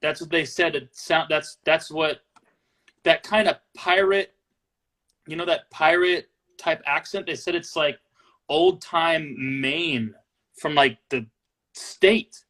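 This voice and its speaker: Laid back guy rambling along, voice a bit on the high side. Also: slow pace, bright, forceful tone, poor audio. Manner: easygoing, rambling, many restarts. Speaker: podcast host. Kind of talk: casual chat.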